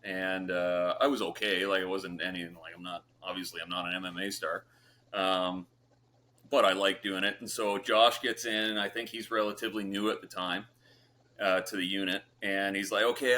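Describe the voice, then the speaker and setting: A man's voice: deep voice, moderate pace, a little hiss or hum. Easygoing man spinning a war story. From Canada. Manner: relaxed, swears often, lots of fillers. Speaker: podcast guest. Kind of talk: casual storytelling.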